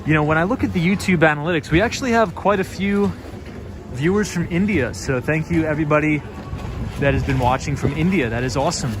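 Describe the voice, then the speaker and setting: A man's voice: on the high side, quick pace. Chatty man streaming from city streets. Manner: chatty, reads viewer comments aloud and answers them. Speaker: live-stream host. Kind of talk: casual live-stream chat. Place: outdoors on busy city streets. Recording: city street noise behind. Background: city street traffic noise.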